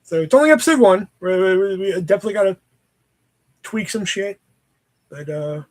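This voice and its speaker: A man's voice: high-pitched, lively intonation, a little fast, darkish tone. A man hosting a casual livestream, chatting with viewers in a profane, joking, rambling way. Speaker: livestream host.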